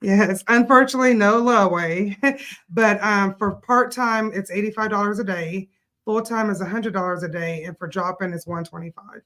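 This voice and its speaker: Woman, mid pitch, business owner, measured explanations, casual interview. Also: a bit bright. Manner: measured, explanatory, frequent fillers. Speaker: owner of an adult day care business.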